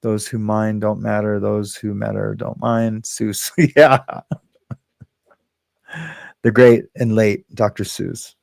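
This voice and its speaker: Male livestream host, gravelly and dry, loose rambling delivery with chuckles. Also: on the low side, little pitch movement, a little mellow, no room sound. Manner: rambling, chuckling, halting restarts. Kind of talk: casual live chat, reading comments aloud.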